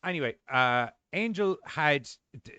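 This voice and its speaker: A man telling a long, profane, sarcastic recap on a podcast group chat. His voice is smooth and resonant, the recording close and dry. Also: a little high, lively intonation, a little slow, sharp tone, dry recording, highs cut off. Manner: rambling, profane, sarcastic storytelling. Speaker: podcast co-host.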